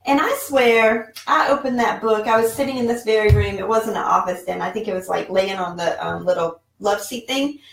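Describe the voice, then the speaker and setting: A woman's voice: mid-range voice, moderate pace, creaky, few pauses, recorded from a distance, faint music behind. A woman in her forties chatting casually in a vlog from her home office, rambling with many fillers. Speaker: online seller and vlogger. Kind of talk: casual talking-head vlog. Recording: roomy echo, mic set back.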